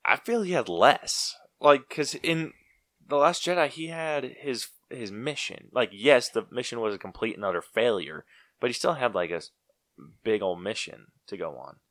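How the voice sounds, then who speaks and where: A man's voice: mid-range voice, animated, moderate pace, fairly bright tone, no room sound. A man co-hosting a podcast, talking casually and bluntly about a movie and laughing often. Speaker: podcast co-host. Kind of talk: casual movie review chat.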